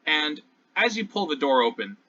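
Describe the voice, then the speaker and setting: A man game-mastering an online tabletop session describes scenes at length, with fillers and false starts, in a voice that's a little high, very animated, pushed and bright at normal speed. The call audio sounds distant, dull and lo-fi.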